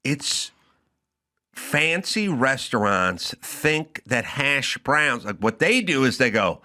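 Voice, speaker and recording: A man's voice: mid-range voice, very animated, takes it slowly, pushed and bright. A man hosting a talk show, ranting with profanity and exasperation in a comedic way. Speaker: podcast host. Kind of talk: comedic rant.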